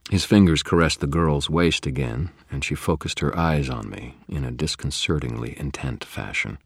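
A man reads a first-person novel aloud with wry, deadpan delivery. His voice sits extremely low and husky, and the recording is dry with no room sound. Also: moderate pace, no room sound. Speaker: audiobook narrator.

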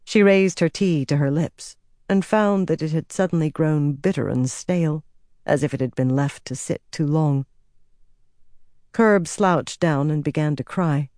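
In a low, dark, mellow voice, a woman narrates a fantasy audiobook at a measured, steady pace. The recording is close and dry, with no echo.

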